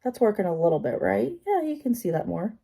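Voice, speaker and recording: A woman's voice: medium pitch, sing-song, a little fast, gravelly, mellow. A woman vlogging as she does her makeup, chatty and talking to herself with self-deprecating asides. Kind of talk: casual talk while doing makeup.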